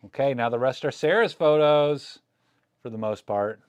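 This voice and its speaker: A man's voice: medium pitch, moderate pace, smooth, dry recording. A man chatting casually and joking as he looks through his film scans live, recorded close and dry. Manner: chatty, joking, thinking aloud. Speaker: photography vlogger. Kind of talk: casual live commentary while scanning film.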